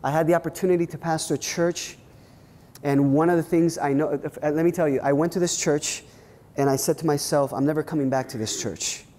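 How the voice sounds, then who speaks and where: A man, a pastor, giving a workshop talk, telling personal stories in an animated way with many restarts and repeated words. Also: on the high side, brisk, long reverb tail. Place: church hall at a leadership weekend.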